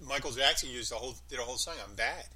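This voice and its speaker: A man's voice: medium pitch, rapid-fire, bright, forceful tone, husky, poor audio. A man in casual chat, telling rambling stories with lots of emphasis.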